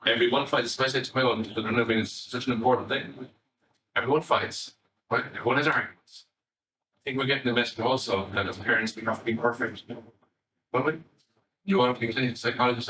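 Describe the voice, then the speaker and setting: A man's voice: mid-range voice, recorded from a distance. Irish man speaking in an echoey hall. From Ireland. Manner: conversational, animated, swears casually. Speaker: family psychotherapist giving a talk. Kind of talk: lively public talk.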